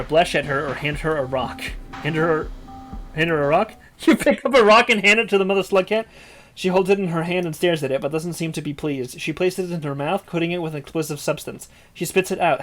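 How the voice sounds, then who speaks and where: A man streaming, reading a text adventure aloud and reacting live, laughing often and swearing in surprise. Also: fairly high pitch.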